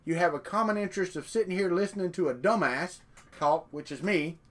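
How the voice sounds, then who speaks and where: A man's voice: high voice, fairly quick. A man hosting a live stream, chatting casually in a folksy, rambling way. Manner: folksy, rambling, talks off the cuff.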